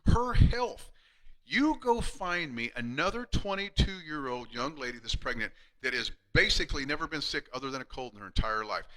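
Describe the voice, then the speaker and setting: A man in his fifties, a chiropractor giving an earnest live-streamed talk to colleagues, emphatic with many restarts and going quiet and hushed when retelling patient stories. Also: mid-range voice, expressive, brisk, hardly any pauses, poor audio. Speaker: chiropractor speaking to fellow chiropractors.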